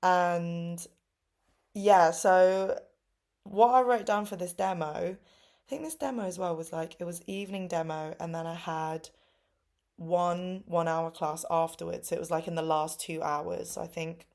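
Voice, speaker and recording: A woman's voice: unhurried, a little mellow. Chatty young London woman. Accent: London English. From London, England. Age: 20s. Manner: chatty, filler-heavy, acts out quotes with jumps in pitch. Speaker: English teacher vlogger. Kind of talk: casual storytime chat. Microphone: phone or laptop mic.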